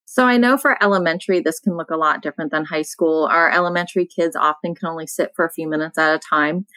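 Calm female elementary teacher, lower voice, dry close sound, soft-spoken and unhurried. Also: no room sound, poor audio. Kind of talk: panel discussion.

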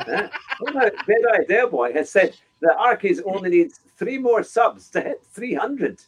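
Husky-voiced host steering the chat. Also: male voice, high voice, sing-song, moderate pace. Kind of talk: casual chat.

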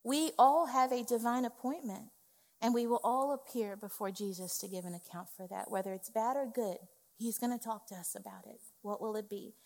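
Woman preacher, fairly high voice, emphatic conversational sermon delivery, church hall reverb. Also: moderate pace. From West Indies family. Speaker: executive pastor. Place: church sanctuary.

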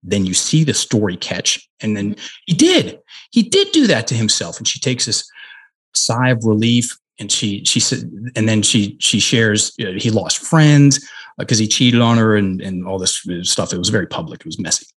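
Interview guest, middle-aged man, husky and a bit low, earnest and halting. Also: fairly bright tone. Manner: earnest, with frequent restarts and emphatic pauses. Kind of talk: conversational interview storytelling.

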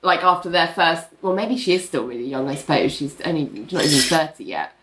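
A woman in casual conversation, recapping TV scenes in quick summaries and filling her speech with "like". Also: deep voice, animated, background noise. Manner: chatty, says "like" often, recounts scenes in quick summaries. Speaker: podcast co-host recapping a TV episode.

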